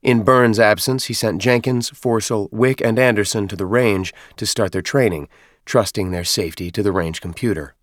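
A man reading a science fiction novel aloud in steady, measured audiobook narration. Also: on the low side, dry recording, studio quality. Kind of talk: scripted narration.

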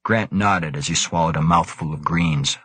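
Deep, husky male audiobook narrator. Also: normal speed, pushed and bright, no echo.

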